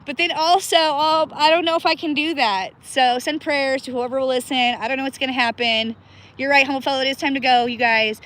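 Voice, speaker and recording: Shivering in a cold river outdoors, a livestream host talks briskly in a high-pitched, steady, slightly bright voice. She chats casually, greets viewers by name and laughs frequently.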